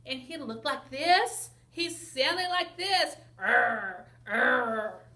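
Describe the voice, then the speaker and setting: A woman teacher reading a picture book aloud to children, expressive and asking them questions. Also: very high voice, takes it slowly. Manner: expressive, asks listeners questions, sound effects. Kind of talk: children's read-aloud lesson. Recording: echoey room with faint noise.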